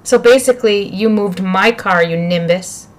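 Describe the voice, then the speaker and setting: A woman's voice: medium pitch, moderate pace, lightly acted. A woman voicing a boastful, threatening schoolboy bully who makes pompous threats.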